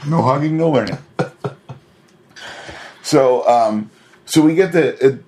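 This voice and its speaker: A man co-hosting a podcast in casual chat, animated and laughing often, slipping into put-on voices to quote characters. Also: mid-range voice, slow pace. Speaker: podcast co-host.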